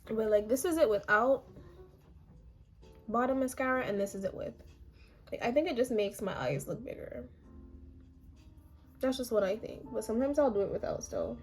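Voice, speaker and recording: A young woman with a hoarse voice, chatting casually and a little self-deprecatingly while walking through her makeup routine. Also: fairly high pitch, lively intonation, normal speed, long pauses, a little mellow, faint music behind. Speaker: makeup vlogger. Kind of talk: casual makeup tutorial chat.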